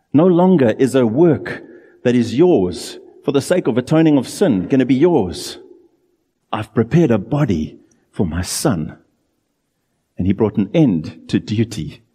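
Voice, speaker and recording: A man preaching a sermon in an earnest, emphatic way, drawing out key phrases slowly. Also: medium pitch, warm tone, breathy edge, big-room sound.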